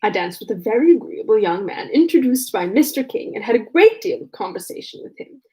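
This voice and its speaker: A woman reading aloud and voicing a witty, teasing young gentleman with mock-formal manners. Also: on the high side, big pitch swings, a little fast. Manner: mock-formal, then simpering when he affects a pose.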